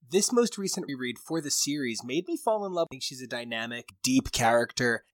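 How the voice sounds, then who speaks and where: A man hosts a podcast in a casual, animated chat and keeps slipping into goofy impressions. His voice sits in a middle pitch. The sound is dry and close to the mic. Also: no echo. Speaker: podcast host.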